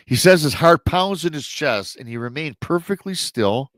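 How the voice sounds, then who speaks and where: A man's voice: fairly high pitch, animated, moderate pace, a bit bright, dry recording. Rambling male storyteller with dry sound. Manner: rambling, conversational asides to the audience. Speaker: host and storyteller. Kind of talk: casual retelling of a listener's story.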